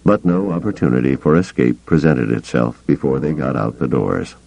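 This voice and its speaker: A man narrating a story in an expressive storytelling manner. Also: extremely low pitch, normal speed, gravelly, muffled recording. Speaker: audiobook narrator. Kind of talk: scripted narration.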